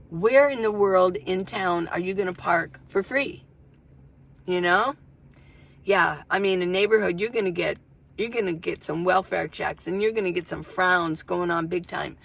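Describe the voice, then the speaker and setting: A woman's voice: on the low side, gravelly, slightly rough. An older woman vlogging about van life, chatting casually and telling stories in a folksy way. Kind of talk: casual chat to camera.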